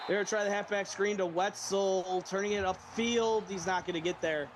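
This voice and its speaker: Man, play-by-play caller, high voice, jokey, laughs a lot, shouts on big plays, noisy background. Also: fairly even intonation, moderate pace. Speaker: play-by-play commentator. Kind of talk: casual stream game commentary.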